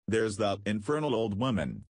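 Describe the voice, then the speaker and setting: Impulsive boyish scientist, husky and low, excitable bursts, read by a man in an audiobook. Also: moderate pace, no room sound, clean studio sound, exaggerated voice. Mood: scheming.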